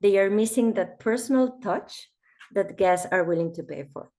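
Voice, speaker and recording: A woman with a croaky voice from a cold, giving a webinar presentation and speaking directly to her listeners. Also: medium pitch, normal speed, dark tone. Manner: storytelling, addresses listeners directly.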